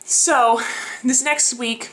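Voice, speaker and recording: A woman's voice: on the high side, fairly even intonation, extremely slow, fairly bright tone. A young woman casually vlogging, chatty and frustrated, laughing often. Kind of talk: casual pregnancy vlog.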